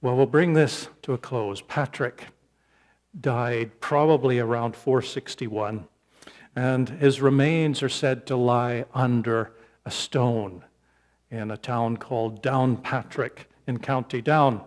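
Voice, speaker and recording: A man's voice: mid-range voice, fairly even intonation, slow pace. A male pastor preaching a sermon in a church, telling a story earnestly with many small hesitations. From Canada. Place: church sanctuary.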